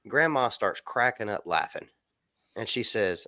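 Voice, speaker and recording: Lower-voiced guy rambling through a story, dry close mic. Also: animated, a little slow, sharp tone, dry recording. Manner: folksy, rambling storyteller with repeated restarts. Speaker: podcast co-host. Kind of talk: casual storytelling chat.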